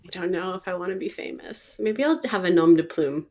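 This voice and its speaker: A woman in her thirties, a mother and podcast co-host, talking earnestly and reflectively with some halting restarts. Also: lowish voice, animated, darkish tone. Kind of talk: casual chat.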